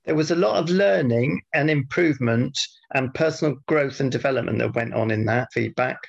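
A man co-hosting a podcast, bantering casually and reading out mock-formal feedback in a dry, deadpan way. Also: medium pitch, a little fast. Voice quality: gravelly, husky. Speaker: podcast co-host. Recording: dull lo-fi podcast audio.

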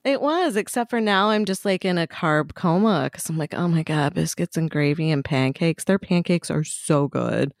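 A middle-aged woman with a somewhat low voice tells a story in casual chat, laughing often and swearing freely. The sound is close and dry, with no room around it. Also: moderate pace, vocal fry, hardly any pauses, no echo. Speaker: podcast co-host.

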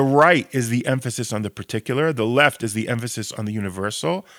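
A man's voice: medium pitch, fast talker, few pauses, a bit bright, dry recording, clean studio sound. Impassioned man arguing on a podcast. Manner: impassioned, argumentative, sarcastic rhetorical questions; frequent restarts and repeated words when building a point. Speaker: Israel educator and podcast co-host. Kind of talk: podcast discussion.

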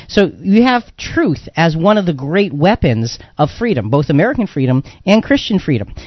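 A man hosting a live radio talk show on faith, talking in an animated, emphatic, preacher-like way. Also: a little high, no room sound, lo-fi sound.

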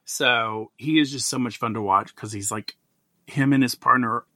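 A man's voice: medium pitch, moderate pace, no echo. A man hosting a podcast, chatting casually and gushing as he acts out what people said. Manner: gushing, animated storyteller who acts out quoted remarks. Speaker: podcast host. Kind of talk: casual chat.

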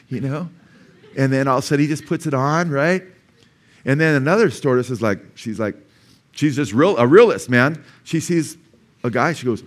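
A man's voice: medium pitch, animated, normal speed. A man with an American accent preaching a sermon in a church, telling stories in a conversational way and acting out the people in them. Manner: conversational storytelling, acts out quoted voices. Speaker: pastor. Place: church sanctuary.

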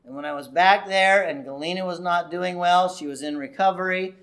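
A man's voice: sits high, fairly quick, a bit bright. A middle-aged male pastor giving an earnest, conversational sermon that builds to raised emphasis.

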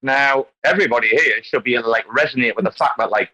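A man's voice: medium pitch, fast talker, bright, forceful tone, low-quality recording. A man hosting an online community call, talking casually and animatedly as he wanders into tangents and lectures about word stress. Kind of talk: casual group call chat.

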